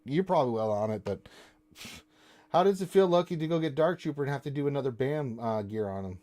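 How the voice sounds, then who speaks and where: A man's voice: medium pitch, lively intonation, fairly quick, mellow. A man hosts a casual live stream and talks straight into a desk mic. He answers questions from chat and ribs his viewers and co-host with playful, mock-offended banter.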